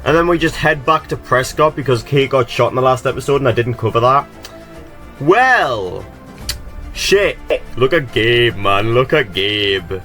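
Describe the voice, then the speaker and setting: A man's voice: a little slow, faint music behind. Sarcastic, swearing gaming commentator man. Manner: exasperated, sarcastic, swears a lot, jumps to high excited yelps. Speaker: gaming video creator. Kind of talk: sarcastic gameplay recap commentary.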